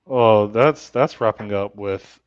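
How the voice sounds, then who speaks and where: A man's voice: on the low side, takes it slowly, dry recording. A middle-aged man hosting a podcast, chatting casually in a playful, joking way. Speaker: podcast host. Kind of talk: casual chat. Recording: dull, dry lo-fi sound.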